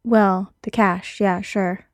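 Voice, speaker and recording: A woman voicing Elliot, a gruff, grumbling man, in a read-aloud story. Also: mid-range voice, steady tone, slow pace, no echo, natural voice.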